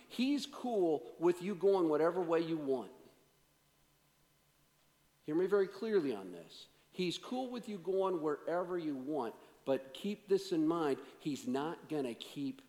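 Man, pastor, sermon, high voice, long hall echo. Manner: dynamic preaching, swinging from loud to hushed.

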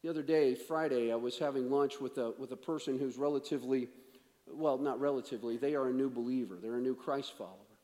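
A man's voice: mid-range voice, fast, mellow. A man preaching a sermon as pastor, reading scripture and talking it through in a conversational way, with chatty asides. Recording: long reverb of a church hall.

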